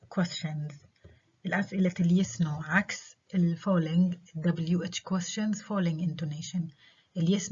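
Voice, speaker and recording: A woman with an Arabic accent giving a university phonetics lecture. She reads English example sentences slowly, explains quickly in Arabic, and keeps checking with "okay?". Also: fairly low pitch, darkish tone, breathy edge. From Arab world. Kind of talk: recorded lecture, switching between English and Arabic. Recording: dull lo-fi lecture recording.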